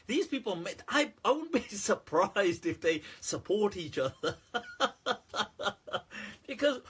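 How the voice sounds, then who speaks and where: A man's voice: sits high, slight background noise. A man hosting a live question-and-answer stream in a casual, candid way, laughing often as he talks to viewers. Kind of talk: casual livestream Q&A commentary.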